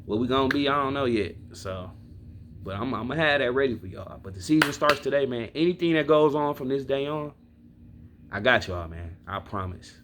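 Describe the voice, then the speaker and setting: Against a noisy background, a Milwaukee, Wisconsin sports vlogger fires off a casual rant about his football team, cursing and speaking plainly to his audience. He has a mid-range voice with lively intonation and a fairly quick pace.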